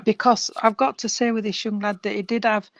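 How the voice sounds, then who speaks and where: A woman, giving a gentle, careful spiritualist reading during a church service. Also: mid-range voice, little pitch movement, fairly quick, rough recording. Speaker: medium.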